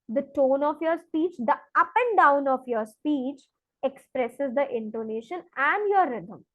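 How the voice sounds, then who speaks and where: A woman's voice: high-pitched, dry recording, dull audio. A woman, teaching an online exam-prep lesson step by step and checking in with rhetorical questions. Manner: explains step by step, asks rhetorical questions like "right?". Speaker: IELTS teacher.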